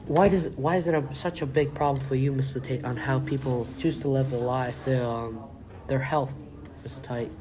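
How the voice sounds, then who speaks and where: A man's voice: medium pitch, moderate pace, crowd noise, close to an everyday voice, rough recording. A man playing a fawning talk-show interviewer. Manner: rambling questions full of fillers and flattery. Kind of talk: amateur comedy skit.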